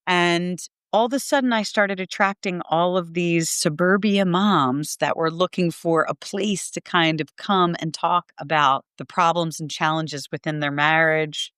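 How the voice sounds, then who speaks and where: Middle-aged woman telling her story on a podcast, earnest, says "like" a lot, smooth low-ish voice. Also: measured pace, hardly any pauses, fairly bright tone, no echo, studio quality. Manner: earnest, heartfelt, lots of "like". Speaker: podcast guest, Reiki teacher. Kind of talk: personal storytelling in conversation.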